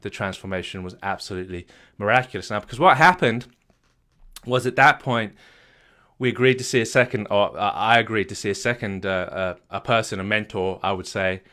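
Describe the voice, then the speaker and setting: A man's voice: fairly low pitch, brisk, bright, forceful tone. A middle-aged man, a marriage coach, telling his own story earnestly, repeating phrases and restarting often. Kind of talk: personal story told to an audience.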